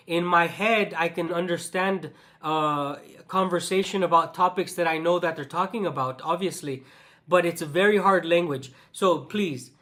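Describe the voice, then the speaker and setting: A young Mexican man with a Mexican Spanish accent, chatting casually on his vlog in an animated, emphatic way. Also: high voice. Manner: animated and emphatic, mock-exasperated. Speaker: vlogger. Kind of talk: casual chat.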